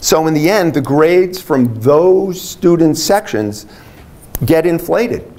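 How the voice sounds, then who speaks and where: A biology instructor in his sixties delivers a laid-back retirement lecture packed with anecdotes, leaning heavily on "like" and frequently restarting his sentences. His pitch is fairly high and he speaks slowly.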